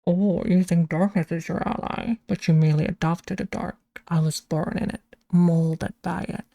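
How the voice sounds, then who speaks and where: A woman's voice: fairly low pitch, fairly even intonation, moderate pace, vocal fry, dark tone, no room sound. A woman doing an impression of a hulking masked male villain, speaking muffled through her hand in a theatrical way. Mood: menacing.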